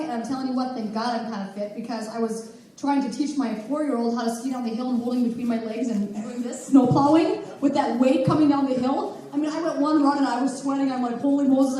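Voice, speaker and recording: Enthusiastic woman giving a testimony from the audience, mellow slightly high voice, far off in an echoey room. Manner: enthusiastic, emphatic, upbeat. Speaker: audience member sharing her story. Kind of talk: spontaneous testimony. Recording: echoey room, distant mic.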